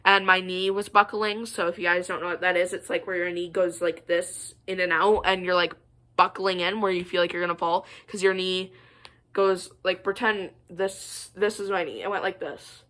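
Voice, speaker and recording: A woman's voice: fairly low pitch, level tone, moderate pace, sharp tone. A young woman vlogger telling stories to the camera in a casual, chatty and rambling way. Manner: chatty, rambling, many fillers and asides.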